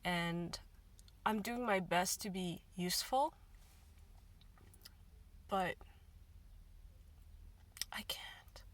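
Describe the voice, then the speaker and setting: A woman speaking in a halting, emotional way in a personal confessional vlog, often repeating herself. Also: fairly low pitch, recorded from a distance. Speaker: vlogger.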